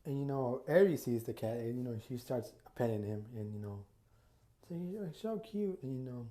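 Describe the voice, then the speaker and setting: A man's voice: medium pitch, normal speed, dark tone, roomy sound. A man casually retelling a fan story, rambling with lots of fillers and acting out the quotes. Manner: rambling, full of "you know" and "like", acts out quotes.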